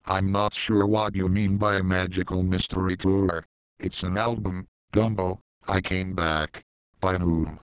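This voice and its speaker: A man reading a first-person story aloud, voicing both sides of a dialogue in a flat, low-key way. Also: smooth, no room sound, low-quality recording. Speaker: narrator.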